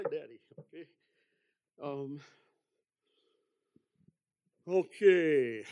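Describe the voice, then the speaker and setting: An older man with a gravelly, creaky voice tells his church testimony, wandering through the story and chuckling at himself. The sound is dry and close, with no room ring. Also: mid-range voice, darkish tone, no room sound. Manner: rambling, chuckling, self-deprecating. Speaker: church member giving testimony.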